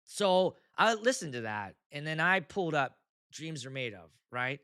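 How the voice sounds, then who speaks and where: A man hosting his own show, telling wedding DJ stories in a casual chat. He is animated, laughs often and acts out how the crowd reacts. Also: a little high, moderate pace, smooth, no room sound, clean studio sound.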